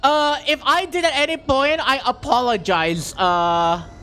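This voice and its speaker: A young adult streamer chatting casually with viewers, excitable, laughing often and stumbling over repeated words when flustered. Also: sits high, measured pace, clear, resonant tone. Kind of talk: casual live-stream chat.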